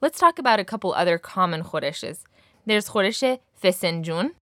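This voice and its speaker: A young woman teaching a language lesson, clearly modelling words slowly for her student to repeat. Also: mid-range voice, expressive, bright, forceful tone, no room sound, studio quality.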